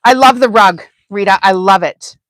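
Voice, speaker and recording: Bright, chatty woman hosting a sewing livestream. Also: mid-range voice, normal speed, dry recording. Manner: chatty, laughs often, greets viewers. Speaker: sewing channel host. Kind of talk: casual livestream chat while sewing.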